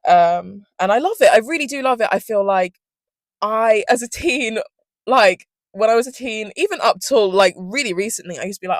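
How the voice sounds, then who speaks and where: A woman's voice: on the high side, expressive, moderate pace, no room sound. A woman in her twenties, sniffly, telling a candid storytime in a rambling, sweary, self-interrupting way while sitting in a car. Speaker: vlogger. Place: inside a car.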